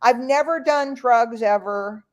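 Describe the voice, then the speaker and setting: A woman's voice: fairly high pitch, slow pace. A woman from New York hosting an online call in casual, rambling chat. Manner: chatty, rambling, playful.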